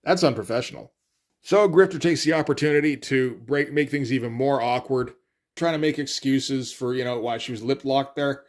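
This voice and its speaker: A man's voice: mid-range voice, normal speed. A man casually recapping and critiquing a comic issue in an offhand, rambling way with lots of fillers. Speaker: comics commentator. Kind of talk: casual comic read-through.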